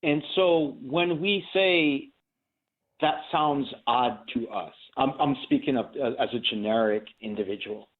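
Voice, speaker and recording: A man from the Philadelphia area speaks as a guest, earnestly explaining his points and posing rhetorical questions. His voice sits at an ordinary middle pitch. It comes through a narrow, tinny line, as if over the phone. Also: a little slow. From Philadelphia area, USA. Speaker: journalism professor, guest.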